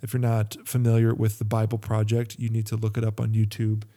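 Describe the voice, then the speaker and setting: A man's voice: lowish voice, completely flat delivery, a little fast, warm tone. A man talking in a casual, rambling monologue, full of fillers and restarts, as a Christian podcaster.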